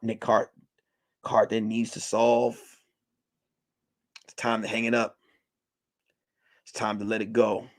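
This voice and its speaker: A male comedian telling a mock film-noir detective story in slow, dramatic narration with crude asides. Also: lowish voice. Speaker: comedian and podcast host.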